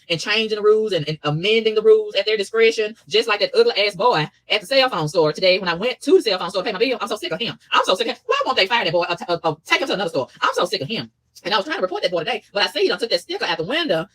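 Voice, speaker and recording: Fast-talking, exasperated woman ranting. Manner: fast, exasperated ranting with animated pitch swings. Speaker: vlogger. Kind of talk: ranting monologue.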